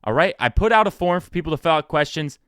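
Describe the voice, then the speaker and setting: A man's voice: fast, smooth, no room sound, studio quality. A man in his twenties hosting a solo sports podcast, talking casually and joking. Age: 20s. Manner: animated, joking, pitch jumps for emphasis. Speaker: podcast host.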